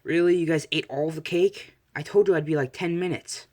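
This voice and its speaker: A man's voice: medium pitch, brisk, bright, forceful tone, lightly acted. A man voicing an exasperated older brother in a fan-made anime story. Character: laid-back older brother, young man.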